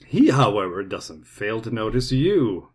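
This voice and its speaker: A man's voice: fairly low pitch, very animated, unhurried, breathy edge. A man doing wry, amused commentary on a game and reading its text aloud. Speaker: let's play commentator.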